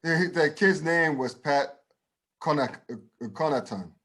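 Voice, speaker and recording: A man's voice: a little high, measured pace, fairly bright tone. A man co-hosting a casual podcast, talking bluntly and emphatically, swearing freely and restarting his sentences. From United States. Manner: profane, emphatic, with many restarts. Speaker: podcast co-host. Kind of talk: casual opinion chat.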